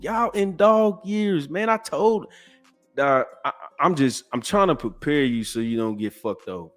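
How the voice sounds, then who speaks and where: Forty-ish guy ranting on his podcast, cussing a lot, kinda high voice, loud then quiet and sighing. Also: animated, a little slow, faint music behind. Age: 40s. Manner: blunt, profane, swings from loud outbursts to low sighing. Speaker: podcast host. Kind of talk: ranting commentary.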